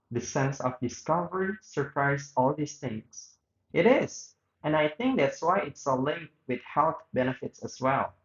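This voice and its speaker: A man's voice: a little high, echoey room, muffled recording. A man reading aloud both the host and guest parts of an interview, with small slips and restarts. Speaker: student reading both sides of a radio interview. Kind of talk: read-aloud interview reenactment.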